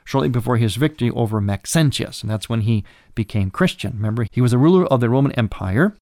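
A man teaching about church feasts in a measured, explanatory way, often restarting a phrase as he works out his wording. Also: medium pitch, animated, darkish tone, no room sound, clean studio sound. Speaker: religious teacher. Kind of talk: explanatory religious lecture.

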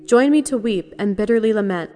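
A woman's voice: mid-range voice, fairly quick, dark tone, natural voice. A woman reading the lament of a grieving mother over her dead son, in solemn, archaic prayer language. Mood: mournful. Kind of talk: liturgical reading.

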